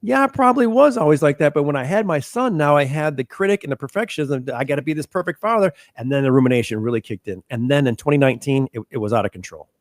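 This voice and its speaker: A middle-aged man speaks earnestly in a candid conversation, stumbling over and repeating words as he restarts his sentences. His voice sits at an ordinary pitch, and the recording is dry with no room echo. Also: expressive, fast talker, few pauses. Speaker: podcast host.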